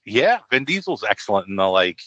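A man's voice: on the low side, big pitch swings, fairly quick, a bit bright, husky, no echo, muffled recording. A man in casual conversation about a film, talking enthusiastically with many fillers. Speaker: podcast co-host.

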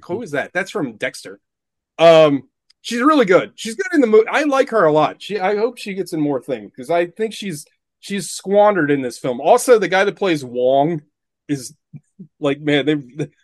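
A man's voice: fairly high pitch, no room sound. A man co-hosting a casual podcast, ranting about a film in a profane, exasperated way. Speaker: podcast co-host. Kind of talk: casual movie-review chat.

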